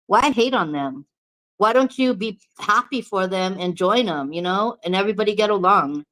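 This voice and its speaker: A woman's voice: mid-range voice, lively intonation, moderate pace, fairly bright tone, low-quality recording. A woman vlogger from New Mexico chatting casually to the camera, candid, swearing freely and laughing often.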